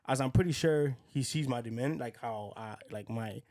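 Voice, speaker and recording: A man with a mid-range, darkish voice co-hosts a podcast at a brisk clip. His casual chat wanders through rambling stories, and he acts out people's quotes.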